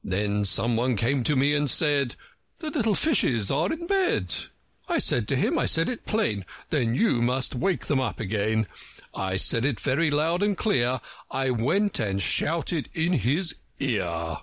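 Man doing a pompous, touchy storybook egg, lofty verse with big high swoops, dry close sound. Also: huge pitch swings, slow, fairly bright tone, dry recording, full character voice. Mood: pompous reciting. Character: proud touchy egg-shaped male storybook figure.

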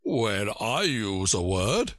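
A pompous, contemptuous egg of a know-it-all, as a man reading a storybook puts him on, lecturing with big swoops of pitch. The voice has a gravelly, husky grain. It is recorded dry. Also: a little slow, no echo, heavily acted. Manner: pompous, contemptuous, lively lilting delivery.

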